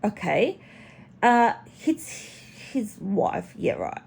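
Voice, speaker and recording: A woman's voice: medium pitch, big pitch swings, drawn-out words, creaky, a little mellow, slightly rough. A woman hosting a casual reaction commentary, chatty and snarky, swearing now and then. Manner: chatty, snarky, swears, talks to her pet in baby talk. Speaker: commentary channel host.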